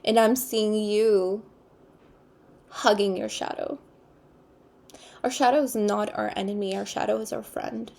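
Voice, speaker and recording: A woman reads tarot cards in an unhurried, earnest voice with a noticeable gravelly fry underneath. She sits at a middle pitch for a woman and circles back over her spiritual phrases again and again. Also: steady tone, darkish tone. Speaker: tarot reader. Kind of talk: intuitive tarot card reading.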